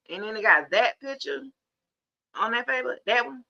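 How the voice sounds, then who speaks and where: A woman hosts a tarot live stream, chatting loosely and animatedly with viewers. Her voice is bright and forceful, and she talks in a lively, familiar way. The sound is slightly dull and lo-fi. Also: a little high, normal speed, gravelly. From Georgia, US. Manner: chatty and animated, addresses viewers as y'all, laughs often. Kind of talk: casual live-stream chat.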